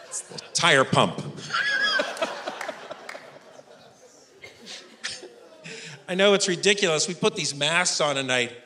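Animated, self-mocking stand-up comedian man. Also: on the high side, extremely slow, long pauses, some chatter behind, a little hiss or hum. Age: 50s. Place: stage before a live audience. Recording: echoey stage room with audience.

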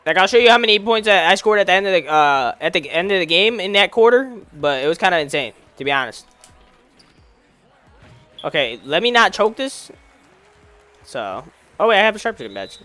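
A young man talks through a basketball video game in relaxed slang, cheering on his players and hollering at misses. His voice sits high and sounds bright and smooth. It is recorded close and dry, with faint music playing underneath. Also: brisk, pauses often, no room sound. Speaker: gaming YouTuber. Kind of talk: casual gameplay commentary.

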